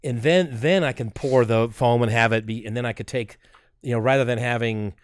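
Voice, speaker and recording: A man co-hosting a podcast, chatting casually and excitedly, rambling and restarting his sentences. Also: medium pitch, fairly quick, dry recording. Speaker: podcast co-host.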